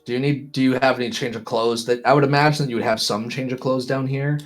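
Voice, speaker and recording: A man's voice: mid-range voice, steady tone, fast, soft background music. A man narrating a tabletop role-play as game master, describing scenes with restarts and self-deprecating asides.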